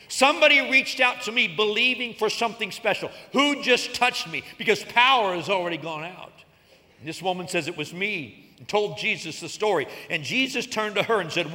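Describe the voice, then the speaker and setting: A man preaches with a high, bright voice that rings out, retelling stories with dramatic rises and sudden hushed drops. His sermon carries the long reverb of a large hall. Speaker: pastor.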